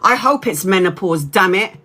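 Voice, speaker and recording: A woman in her forties hosting a casual tarot livestream. She talks in a loose, chatty way, swears freely and breaks into laughs. Her pitch sits in the middle for a woman. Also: lively intonation, normal speed, bright, forceful tone. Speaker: tarot reader.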